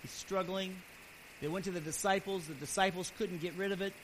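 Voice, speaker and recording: A man pastor preaching a sermon earnestly, his voice swelling louder and then dropping soft. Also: high-pitched, fairly quick. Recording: steady background hiss.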